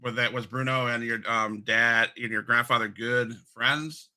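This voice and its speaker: A man's voice: medium pitch, fairly even intonation, a little slow, pushed and bright, rough recording. A man hosting an interview, asking friendly questions and often restarting mid-sentence. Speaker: interview host.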